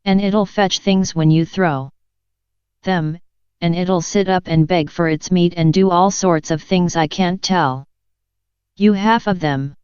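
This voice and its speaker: A woman's voice: on the low side, a little slow, a little mellow, clear, resonant tone, no echo, lightly acted. A woman voicing a polite, chatty young girl in a storybook reading, rambling eagerly and apologizing. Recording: dull lo-fi dry recording.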